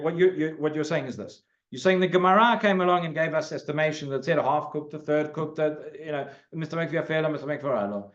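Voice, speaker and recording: Quick-talking rabbi teaching a class. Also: male voice, on the high side. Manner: animated, rephrases and restarts often. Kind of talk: Talmud class, explaining and debating. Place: synagogue hall. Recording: lo-fi recording.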